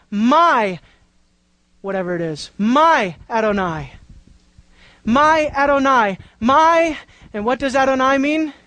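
A woman's voice: sits high, fairly bright tone, no echo, low-quality recording. A woman preaching a Bible-teaching sermon, drawing out key words for emphasis and putting questions to the congregation.

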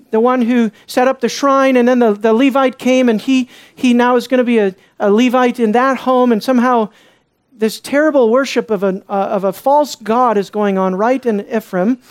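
A Bible teacher talks through a passage in a relaxed, conversational sermon. The delivery is full of asides and restarts. Rhetorical questions to the listeners come again and again. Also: medium pitch. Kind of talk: expository sermon.

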